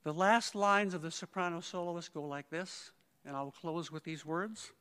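Heartfelt and full of stories and quoted words, the conductor's memorial eulogy rings with the long reverb of a large hall. His fairly high voice is sharp and clean, with fairly even intonation and a moderate pace.

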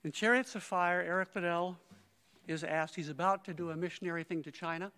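This memorial eulogy comes from a male conductor whose high, sharp, smooth voice moves fairly quickly. He recounts stories and quotes others often in a heartfelt way, echoing through a large hall.

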